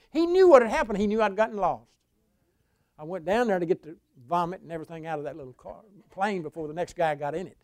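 Man, pastor, folksy sermon storytelling, hushed to loud, slightly high voice, dry close sound. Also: expressive, quick pace, no room sound. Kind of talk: sermon testimony.

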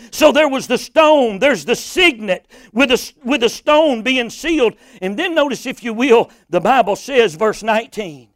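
High-voiced preacher, impassioned. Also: male voice, dry recording. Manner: impassioned, rising to shouts and cries. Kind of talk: sermon.

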